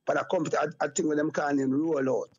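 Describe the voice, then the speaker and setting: A husky, somewhat high-voiced Jamaican man talking as an interview guest. He rambles in loose patois and loops back on his own phrases. The sound is dull and lo-fi. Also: flat delivery, fast. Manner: rambling patois, repeats phrases like "you get me, I say". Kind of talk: casual conversational interview.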